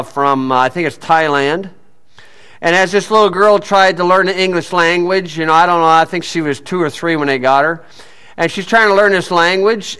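A man's voice: high voice, pushed and bright. A man preaching a sermon in a folksy, plain-spoken way, often putting rhetorical questions to his listeners.

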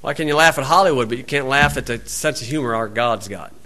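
A man preaching a sermon in a folksy storytelling way, acting out the people in his stories and shouting out scripture. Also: mid-range voice, fast. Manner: folksy storytelling, acts out voices, loud shouted quotes.

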